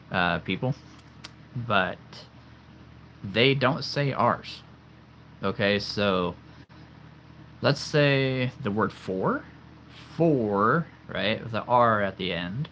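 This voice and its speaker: A man's voice: on the low side, fairly bright tone, a little hiss or hum. A young man from the central United States hosting a casual livestream, chatty and enthusiastic, laughing easily. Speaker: livestream host.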